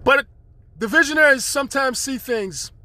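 A man's voice: very high voice, moderate pace, bright, forceful tone, no echo. A man hosting his own podcast, delivering a rambling spiritual monologue with preachy, chanted repetitions. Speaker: podcast host.

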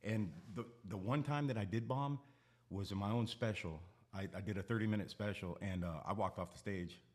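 A man's voice: lowish voice, fairly quick. A man telling stories as a guest on a casual podcast, rambling and repeating words, blunt and profane, often laughing as he talks. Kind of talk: casual podcast chat, storytelling.

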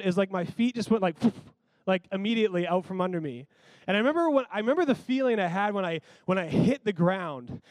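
A man preaching a sermon, telling a childhood story in an animated, conversational way with lots of "like.". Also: high-pitched, dry recording.

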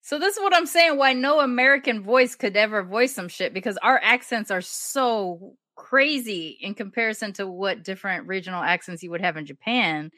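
A woman's voice: medium pitch, lively intonation, moderate pace, few pauses, bright, forceful tone, dry recording, studio quality. A woman co-hosting a podcast, speaking her mind emphatically with swearing and laughing asides in casual chat. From Sacramento Valley, California. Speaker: podcast co-host.

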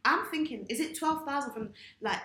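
A young woman, chatting casually with friends and thinking aloud with quick questions. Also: high-pitched, lively intonation, pushed and bright. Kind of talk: casual group chat. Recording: roomy echo.

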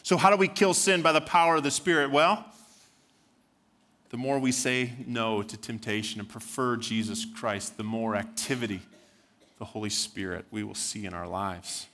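A man's voice: mid-range voice, steady tone, moderate pace, fairly bright tone. A man preaching a sermon as senior pastor, earnest, repeating words and rising into fervent pleading prayer.

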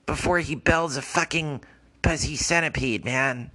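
A hoarse man hosting a podcast, telling a crude comic story in a laid-back, profane way. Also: fairly high pitch, unhurried, sharp tone. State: hoarse from illness. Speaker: podcast host. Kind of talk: comedic storytelling.

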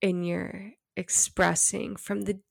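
A woman hosting a solo podcast, talking gently and guiding listeners through a practice, sometimes dropping to a hush. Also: mid-range voice, level tone, vocal fry, dry recording, studio quality. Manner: soft, gentle, unhurried guidance; drops to a hushed near-whisper when demonstrating. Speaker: podcast host.

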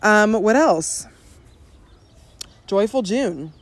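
A woman's voice: mid-range voice, expressive, drawn-out words, dry recording. Young woman, co-host, casual podcast chat, outdoors, chatty, laughing. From Southern California. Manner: chatty, laughing, lots of fillers. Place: outdoors in a backyard.

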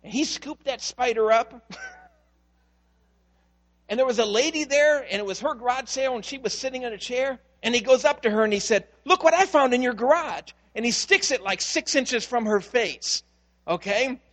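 A man preaching a sermon as pastor, telling stories in an animated way and acting out the voices in them. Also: very high-pitched, moderate pace, long reverb tail. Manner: animated storytelling, acts out voices in quotes.

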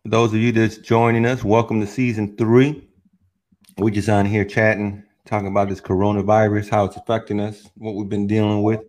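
Relaxed man hosting a casual podcast. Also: lowish voice, fairly quick. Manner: relaxed, profane, talks in restarts. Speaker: podcast host. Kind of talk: casual chat.

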